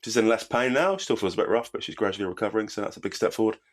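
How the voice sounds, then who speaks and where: A British man in his forties with a deep, low voice and a stuffy, bunged-up nose from a cold. He talks quickly in a chatty, self-deprecating way, like a podcast co-host catching up with an old friend. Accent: British English. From Britain. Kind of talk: casual chat.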